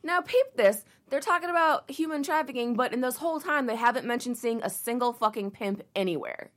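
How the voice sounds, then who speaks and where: A woman's voice: fairly high pitch, a little fast, fairly bright tone. A woman reading a news article aloud and breaking off into sarcastic, indignant, profanity-laced rants. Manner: sarcastic, indignant, swears a lot, reads quotes aloud then rants. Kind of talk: casual commentary video.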